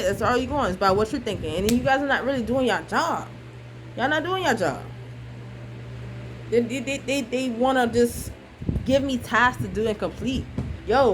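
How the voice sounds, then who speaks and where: On a vlog, a young woman vents in a frustrated, blunt, emotional monologue, repeating herself and swearing freely. Her voice is medium-pitched, and the poor-quality audio carries slight background noise.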